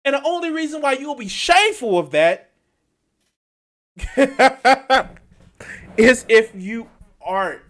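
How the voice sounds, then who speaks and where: A man reacting to clips on a live stream, blunt and profane, swinging from quiet mumbling to loud outbursts. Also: very high voice, animated, slow pace, long pauses. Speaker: commentary streamer.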